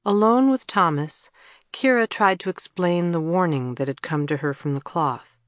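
Low-voiced woman narrating a story. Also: normal speed, no echo, clean studio sound. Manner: calm, even storytelling. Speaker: audiobook narrator. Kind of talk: scripted narration.

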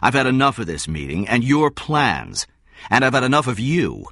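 Man reading stubborn principled boss, dry firm delivery, husky, storybook dialogue. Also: medium pitch, wildly swooping pitch, moderate pace, a bit bright, no room sound, voice pushed up, full character voice. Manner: dry, firm, plain-spoken. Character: blunt principled male shoe executive, early forties.

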